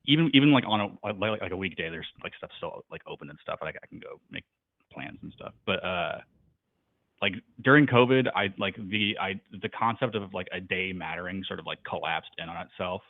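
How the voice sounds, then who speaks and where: Brief: male caller, relaxed and rambling, lowish voice, phone-quality audio. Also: a little fast, no room sound. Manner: rambling, laid-back, many fillers. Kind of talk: casual call-in chat. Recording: tinny phone line.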